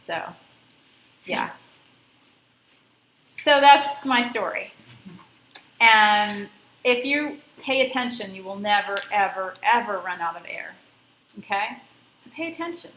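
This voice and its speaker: A woman's voice: medium pitch, takes it slowly, pauses often, a bit bright, slight background noise. Scuba instructor woman in echoey room. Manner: conversational, emphatic about safety. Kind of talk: lecture with personal story.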